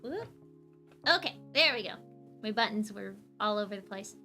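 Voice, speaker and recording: A woman's voice: medium pitch, lively intonation, normal speed, pauses often, sharp tone, soft background music. A young woman streaming a live comic reading, chatting in giggly asides.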